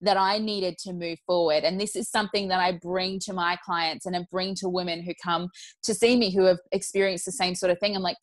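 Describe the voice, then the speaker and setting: A woman's voice: fairly low pitch, fairly even intonation, a little fast, no room sound. A woman in her thirties, a podcast guest, talking candidly and chattily and laughing easily. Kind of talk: casual podcast conversation.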